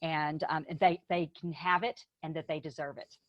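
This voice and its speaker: A woman's voice: low-pitched, fairly even intonation, normal speed, fairly bright tone, muffled recording. A woman with a Southern US accent co-hosting a casual podcast, chatty and giggly with folksy sayings. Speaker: podcast co-host.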